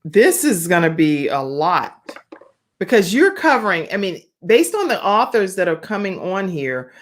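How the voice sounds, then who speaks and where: A woman's voice: on the low side, big pitch swings, measured pace. A woman hosting an online talk show, emphatic, often repeating herself and humming agreement. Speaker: host. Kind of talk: casual chat on a livestream. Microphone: video call.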